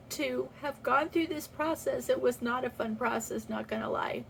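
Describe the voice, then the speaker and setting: A woman's voice: sits high, steady tone, measured pace, gravelly, slight background noise, rough recording. A woman talking through a personal faith reflection in a casual, earnest way, with restarts as she thinks aloud. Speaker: vlogger sharing a faith reflection.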